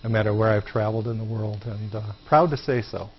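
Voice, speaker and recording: Easygoing middle-aged American singer. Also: male voice, fairly low pitch, steady tone, fast, muffled recording. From Michigan, USA. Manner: easygoing, humorous, storytelling. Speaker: guest singer. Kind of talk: studio interview. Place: TV studio table.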